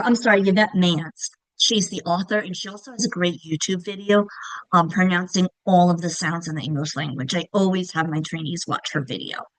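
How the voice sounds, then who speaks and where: A woman's voice: medium pitch, no room sound, rough recording. A woman teacher trainer giving a recorded presentation, explaining step by step, sounding out example words and checking in often.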